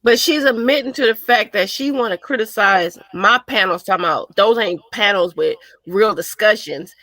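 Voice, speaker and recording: Bright-voiced woman venting in heated chat. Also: medium pitch, moderate pace, dry recording. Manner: animated, swearing, quotes others in put-on voices. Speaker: co-host. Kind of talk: heated casual commentary.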